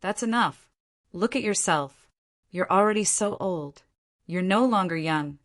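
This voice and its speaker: A woman's voice: medium pitch, lively intonation, unhurried, natural voice. A woman voicing an ancient male cauldron spirit who talks in a hearty, easygoing, commanding way.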